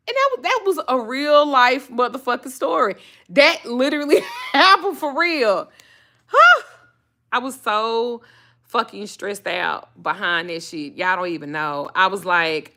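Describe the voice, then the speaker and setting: A woman's voice: animated, unhurried, sharp tone. A middle-aged woman hosting her channel, telling a personal story in a blunt, profane, casual way. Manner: profane and blunt, jumps up high when acting out her own panic.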